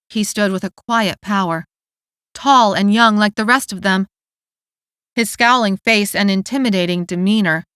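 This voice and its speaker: A woman narrating an audiobook in a steady, clear storytelling manner, recorded on a studio mic. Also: mid-range voice, no room sound. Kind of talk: scripted narration.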